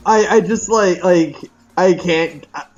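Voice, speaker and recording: Relaxed, cursing podcast co-host, mid-range pitch, muffled lo-fi track, soft music under. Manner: laid-back and profane, quick to laugh. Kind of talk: casual podcast chat about video games. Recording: slightly dull sound with faint music.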